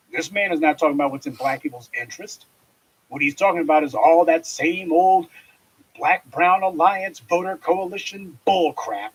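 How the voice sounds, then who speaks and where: A man delivers a pointed political commentary monologue, scornful and lecturing. His voice is husky and sits a little high. He addresses his audience directly. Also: fairly bright tone, low-quality recording.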